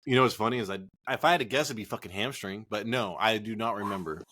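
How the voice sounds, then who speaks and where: A man's voice: fairly low pitch, quick pace, bright, forceful tone. A man co-hosting a casual fantasy football podcast, a bit tipsy from drinking, joking, swearing and rambling. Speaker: podcast co-host.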